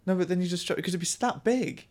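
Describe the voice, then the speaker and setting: A man's voice: sits high, fast, a little mellow. A man co-hosting a podcast, chatting casually and telling rambling, offbeat anecdotes. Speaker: podcast co-host.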